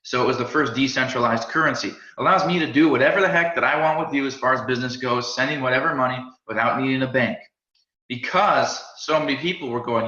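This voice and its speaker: A man teaching a live class in an energetic, chatty way, often repeating and restarting words. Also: medium pitch, fast talker. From United States. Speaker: crypto trading instructor. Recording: roomy, slightly dull sound.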